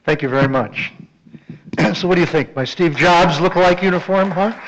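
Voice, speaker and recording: A man's voice: high-pitched, moderate pace. A man giving a talk at a community club meeting, telling a joke and chatting casually with the audience. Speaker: guest speaker. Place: meeting hall. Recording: dull lo-fi audio.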